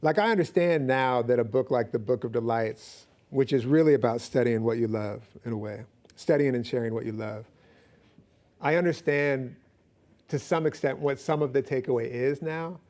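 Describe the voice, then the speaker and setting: A man appearing as a guest author gives casual Q&A answers, rambling loosely with frequent laughs and fillers. His voice is medium-pitched and a little mellow, at a moderate pace.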